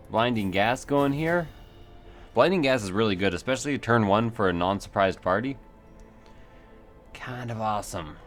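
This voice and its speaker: Low-voiced man rambling through gameplay. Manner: rambling, self-mocking, thinks aloud with fillers. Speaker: let's play host. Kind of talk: casual gameplay commentary.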